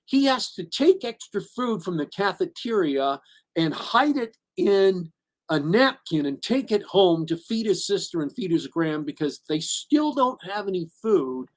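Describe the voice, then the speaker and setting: Rambling, emphatic podcast co-host man. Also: high-pitched. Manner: rambling, with many restarts and fillers. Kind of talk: casual movie review chat.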